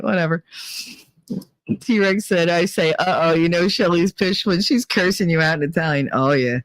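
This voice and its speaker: Woman, New Jersey accent, casual chat, animated, laughs a lot, dry close sound. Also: normal speed, no room sound. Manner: animated, laughs often, mimics relatives in high voices. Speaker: streamer reading chat.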